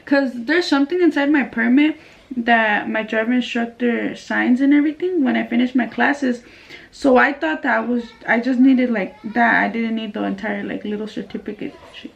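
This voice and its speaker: A young woman from California tells a casual storytime in a chatty, slightly high voice, swearing freely and acting out what others said. The recording sounds a little dull and lo-fi. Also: normal speed, gravelly. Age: young adult. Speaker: vlogger.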